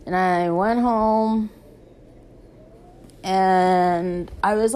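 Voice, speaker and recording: A woman's voice: medium pitch, lively intonation, takes it slowly, a little mellow. A young woman vlogger telling a rambling casual story, filling her talk with "like". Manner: rambling, peppered with "like".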